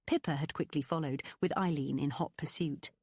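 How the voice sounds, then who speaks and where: A woman reading a first-person novel aloud as an audiobook narrator, in an expressive, confiding storytelling manner. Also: low voice, a little fast, breathy edge, no echo, clean studio sound.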